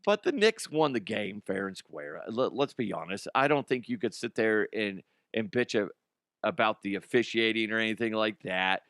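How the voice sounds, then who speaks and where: A man's voice: on the low side, expressive, moderate pace, fairly bright tone, clear, resonant tone, no room sound, studio quality. A man hosting a casual sports talk show, ranting with profanity and sarcasm and laughing at his own jokes. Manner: mocking impressions of fans and players.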